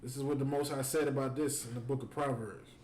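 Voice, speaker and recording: A man hosting a stream, telling stories in a casual, animated and joking way. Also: medium pitch, fast. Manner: animated, joking, full of fillers. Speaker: host. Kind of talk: casual storytelling and preaching on a stream. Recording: echoey room with faint noise.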